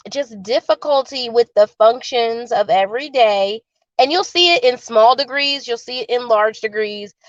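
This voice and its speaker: Woman w/ a high voice, earnest and calm, dry dull lo-fi call sound. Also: dry recording. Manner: earnest, explains calmly with examples. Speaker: guest, birth and postpartum support worker. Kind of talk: explanatory interview talk.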